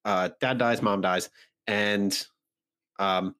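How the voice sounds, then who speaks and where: A man's voice: on the low side, fairly even intonation, slow pace, a bit bright, clear, resonant tone. Man rambling through a plot recap. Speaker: podcast co-host. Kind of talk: casual movie review chat.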